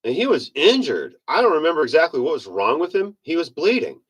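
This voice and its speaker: Rambling folksy man, slightly high voice. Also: very animated, brisk, breathy edge. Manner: rambling, folksy, self-correcting. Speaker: self-help speaker. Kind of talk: casual motivational monologue.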